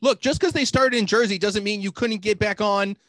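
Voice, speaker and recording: A man's voice: high-pitched, fairly quick, fairly bright tone, no room sound. A man co-hosting a podcast, arguing his points in casual, joking chat with some swearing. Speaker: podcast co-host.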